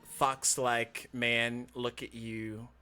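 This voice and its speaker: A male game master narrates the scene in a measured, descriptive way. His voice is bright and his pace is slow, with faint music underneath. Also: medium pitch, little pitch movement, clear, resonant tone.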